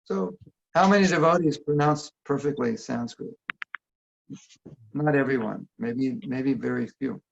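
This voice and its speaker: A man with a medium-pitched voice and vocal fry speaks a little slowly and pauses often as he teaches a casual workshop over a video call. Conversational, he asks his listeners questions along the way, and the online audio is dull and lo-fi.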